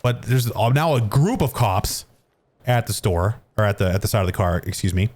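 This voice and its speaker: A man's voice: fairly low pitch, normal speed, a little mellow. Man rambling through a story. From Canada. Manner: rambling, self-mocking, frequent restarts and fillers. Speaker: streamer. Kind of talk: casual storytelling while gaming. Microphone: studio dynamic microphone.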